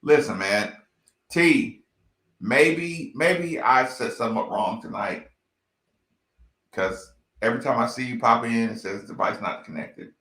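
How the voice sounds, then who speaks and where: A man's voice: mid-range voice, measured pace, pushed and bright. A man giving blunt, profane fan commentary on a basketball team, ranting in slang. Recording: echoey room.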